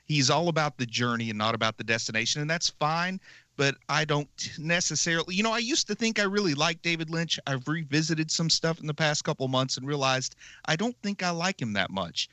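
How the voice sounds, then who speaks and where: A man chatting on a podcast with a bright, slightly high voice. He talks in an animated way and laughs often. The sound is close and dry. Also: fairly quick, no echo. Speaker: podcast host. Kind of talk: casual chat.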